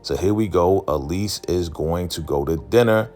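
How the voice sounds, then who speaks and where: A man's voice: deep voice, moderate pace, darkish tone, soft background music. A man casually recapping a TV episode, loosely retelling scenes and slipping into the characters' lines with "he's like" and "man.". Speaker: TV recap vlogger.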